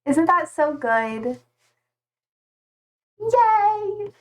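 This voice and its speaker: Bubbly high-voiced young woman streamer. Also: sing-song, very slow, low-quality recording. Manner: bubbly, gushing over her cats with baby talk. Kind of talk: casual live-stream chat.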